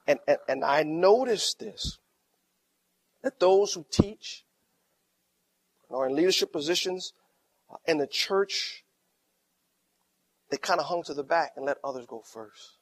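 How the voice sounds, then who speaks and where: A middle-aged man preaching a sermon as pastor, swinging from quiet storytelling to loud, emphatic lines. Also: a little high.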